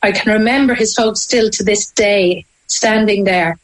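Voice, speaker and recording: Irish woman, interview guest, halting emotional storytelling, frequent restarts. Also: mid-range voice, poor audio. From Ireland.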